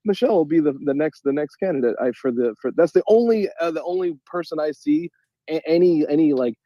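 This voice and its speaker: A man in casual podcast chat, animated and rambling, with frequent restarts and laughter. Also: on the high side, fast talker, no room sound, highs cut off. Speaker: co-host.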